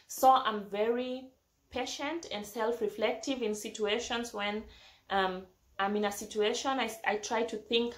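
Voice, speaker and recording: A young woman from abroad, living in Germany, talking to camera in an earnest, reflective vlog, often repeating phrases for emphasis. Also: medium pitch. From not from Germany, living there. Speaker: vlogger. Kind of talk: casual talk to camera. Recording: echoey room.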